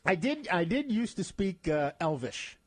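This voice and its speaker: A man's voice: high-pitched, big pitch swings, unhurried, breathy edge, no echo. A man hosting a radio talk show, chatting casually and telling rambling, self-mocking stories. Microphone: studio microphone.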